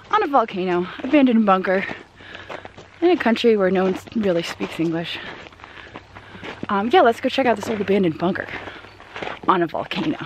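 A woman vlogging outdoors while hiking up a volcano, excitable and quick to laugh, at times out of breath, speaking into a handheld camera mic. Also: mid-range voice, background noise. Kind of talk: outdoor adventure vlog.

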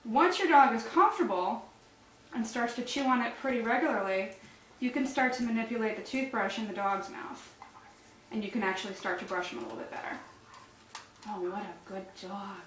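A woman pet trainer giving a casual demonstration, explaining steps and softly cooing praise at a dog. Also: on the high side, animated, fairly quick. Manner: coos praise at the dog in a soft voice. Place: indoor room with a dog. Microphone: camera mic from a distance. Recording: echoey room, far from camera mic, faint hiss.

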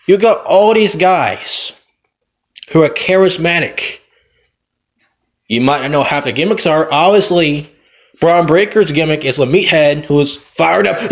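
Man, fairly high voice, casual vlog, rambling, self-correcting. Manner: rambling, backtracks and corrects himself. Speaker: wrestler and vlogger. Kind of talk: casual opinion vlog over gameplay.

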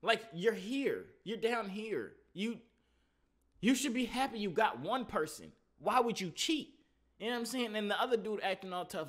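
Reaction host man, high lively voice, slangy, mocking, casual, repeats his catchphrase. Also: brisk. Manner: slangy, animated, mocking, repeats "you know what I'm saying".

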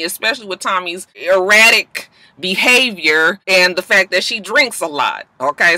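Brief: woman vlogger, very bright edgy tone, sassy and profane, gossipy recap delivery. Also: fairly low pitch, no room sound, rough recording. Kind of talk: casual episode recap commentary.

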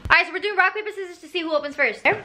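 A teenage girl vlogging casually at home, giggly and excitable as she chats to the camera. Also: very high voice, rapid-fire. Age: teens. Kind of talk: casual vlog chat. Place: home living room. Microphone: handheld camera.

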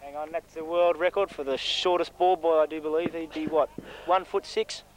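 A man's voice: fairly high pitch, fairly even intonation, normal speed, a little hiss or hum, rough recording. A man with an Australian accent, a chatty, wisecracking co-commentator on an amateur rugby league match. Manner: chatty, wisecracking, says "mate" often.

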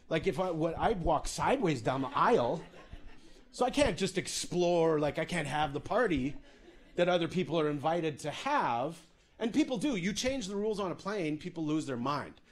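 A man performing stand-up comedy, telling a self-mocking story with lots of asides. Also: on the high side.

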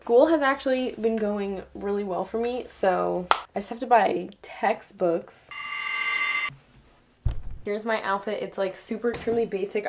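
A young woman in college talking casually to her phone camera, chatty and upbeat, with lots of filler words. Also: medium pitch. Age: young adult. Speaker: college student vlogger. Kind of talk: casual vlog talk to camera.

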